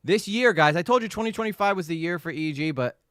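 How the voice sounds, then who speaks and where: A man chats casually with his livestream audience, repeating himself and greeting viewers one by one. His voice is smooth and resonant, with lots of lively movement in pitch. The sound is close and dry, with no room echo. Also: quick pace. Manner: animated, repeats himself, reads chat aloud. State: recovering from illness. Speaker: livestream host.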